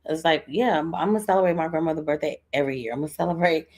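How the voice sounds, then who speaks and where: A woman co-hosting a podcast, talking in a relaxed, reflective way with folksy phrasing. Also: low voice, rapid-fire. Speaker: podcast co-host. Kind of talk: casual chat.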